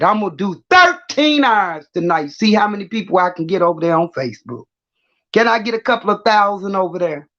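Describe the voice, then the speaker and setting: A brash, trash-talking woman hosts her own livestream in her middle years, laughing as she talks. Her voice sits at a middling pitch, and the audio comes through muffled and lo-fi. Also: a bit bright. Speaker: livestream host. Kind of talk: casual livestream talk.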